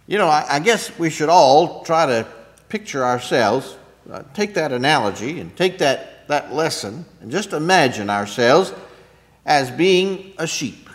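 A man preaching a sermon, unhurried, often clearing his throat, building to emphatic peaks and then dropping soft. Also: medium pitch. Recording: long hall reverb.

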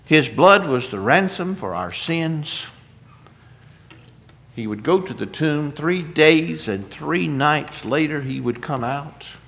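A man's voice: a little high, expressive, takes it slowly, creaky, a bit bright. A man preaching a sermon, rising to emphatic scripture quotes and asking the congregation questions.

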